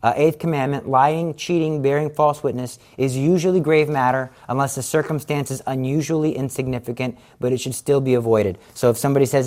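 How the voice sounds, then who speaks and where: A man gives a casual Catholic teaching talk on confession, earnest and urging in a conversational way, acting out everyday scenes in quoted voices. His voice is mid-range and darkish, with a steady tone, a fairly quick pace, and hardly any pauses.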